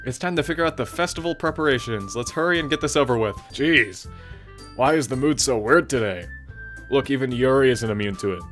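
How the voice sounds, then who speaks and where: A man's voice: mid-range voice, lively intonation, fairly quick, fairly bright tone, soft background music, natural voice. A man reading aloud as a grumpy, impatient teenage girl. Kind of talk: reading game dialogue aloud.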